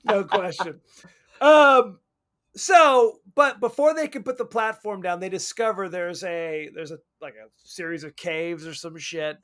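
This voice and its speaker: A man co-hosting a podcast, casually retelling a horror movie plot in a loose, profane, animated way with frequent laughs. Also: sits high, unhurried. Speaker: podcast co-host. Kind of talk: casual movie recap chat.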